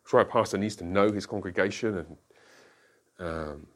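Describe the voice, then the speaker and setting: A man's voice: low voice, unhurried, fairly bright tone. A middle-aged man, a pastor, teaching a church class in a conversational way and often checking that listeners follow.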